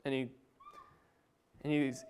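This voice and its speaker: A man's voice: medium pitch, little pitch movement, slow, a little mellow, slight background noise. A man preaching a sermon, reading scripture aloud and then explaining it in his own words with frequent restarts.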